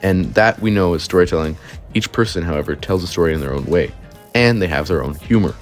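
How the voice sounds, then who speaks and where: A man's voice: deep voice, expressive, soft background music. A young man talking casually to camera about YouTube creators, chatty and full of "like" and "right?". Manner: quick, chatty, frequent "right?" and "like". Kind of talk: casual commentary video.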